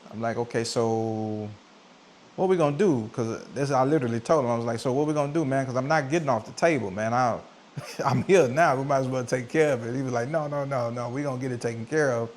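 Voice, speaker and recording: A man in his forties telling a personal story in a relaxed sit-down vlog, talking conversationally and getting animated when he acts out what people said. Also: medium pitch, fast, a little hiss or hum. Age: 40s. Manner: conversational, animated when quoting himself and others. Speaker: vlogger. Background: soft coffeehouse music.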